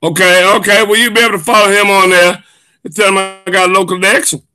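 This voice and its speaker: A man hosting a live football show, loud and hyped, often shouting and stretching his words. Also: sits high, level tone, quick pace. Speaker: host. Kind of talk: excited live sports show chat.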